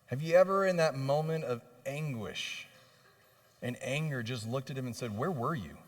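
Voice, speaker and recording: A pastor with a mid-range voice preaches a sermon at a moderate pace in a church sanctuary, passionately voicing pleading questions and building in intensity. The recording carries the long reverb of a church hall.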